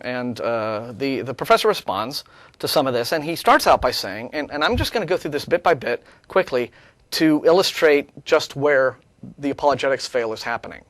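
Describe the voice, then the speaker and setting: A man co-hosting a studio talk show, talking in a sarcastic, animated way, with many restarts. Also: medium pitch, no room sound. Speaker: co-host. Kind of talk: casual studio discussion.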